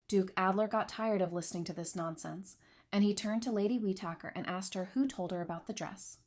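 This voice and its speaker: A woman giving scripted narration of a romance comic recap in an even, steady storytelling manner. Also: medium pitch, fairly quick.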